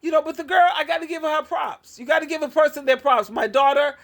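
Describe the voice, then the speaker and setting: Older woman advice vlogger, high voice, blunt and preachy, hammers key words by repeating them. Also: fast talker. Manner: preachy, lecturing tone. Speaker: advice coach and Christian counselor. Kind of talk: personal vlog monologue.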